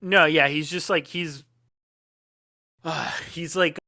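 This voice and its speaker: A man's voice: fairly high pitch, steady tone, slow, vocal fry, pushed and bright, no echo, studio quality. A young man co-hosting a casual film podcast, talking things through hesitantly with lots of "like" and "um". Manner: hesitant, many fillers and restarts. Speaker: podcast co-host.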